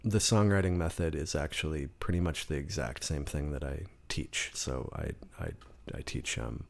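Brief: low-voiced man, gravelly, rambling casual guest, restarts mid-thought. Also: normal speed. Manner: rambling, restarts often, acts out quotes. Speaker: guest songwriter. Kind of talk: casual conversation. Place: in-person podcast studio.

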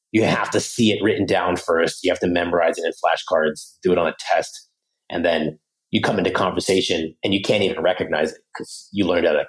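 Brief: man, low voice, podcast guest, lively demonstrative explainer. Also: rough recording. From Pennsylvania, USA. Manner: animated, acts out phrases in other voices. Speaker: podcast guest, language teacher. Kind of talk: casual interview talk.

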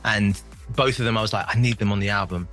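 Brief: quick, bright-toned man, low-ish voice, musing guest in a radio chat, faint music under. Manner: rambling, reflective, many restarts. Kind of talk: casual interview chat.

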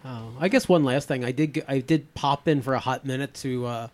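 A man's voice: mid-range voice, fairly quick, darkish tone. A man in his fifties hosting a podcast, rambling casually with many restarts. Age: 50s. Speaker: podcast host. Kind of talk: casual chat.

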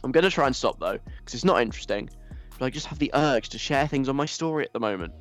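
A man's voice: mid-range voice, animated, fast talker, soft background music. A young man hosting a radio show, reading listener messages aloud and answering them in a teasing, mock-stern way. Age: young adult.

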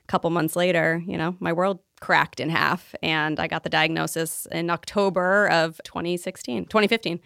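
A woman in her thirties shares her story on a casual podcast in an open, upbeat manner. Her voice is smooth and clear, a little low for a woman. It sits close and dry on the mic. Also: fairly even intonation, normal speed, few pauses, a bit bright, no echo. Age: 30s. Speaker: guest. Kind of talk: casual interview chat.

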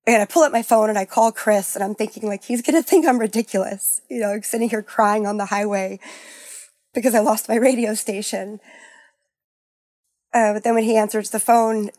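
A woman tells a personal story in an open, halting way, often restarting and trailing into soft low tones when it hurts. Her pitch sits in the middle, and the recording is close and dry. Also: steady tone, dry recording. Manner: halting, full of "like" and restarts, softening to near-whispers at sad moments. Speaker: guest sharing a personal story. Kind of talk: candid conversational storytelling.

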